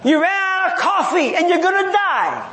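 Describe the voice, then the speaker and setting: A man's voice: very high voice, big pitch swings, moderate pace, echoey room, crowd noise. A man preaching a sermon, reading scripture and then retelling it with humor and acted-out voices. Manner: reads scripture then paraphrases in everyday talk.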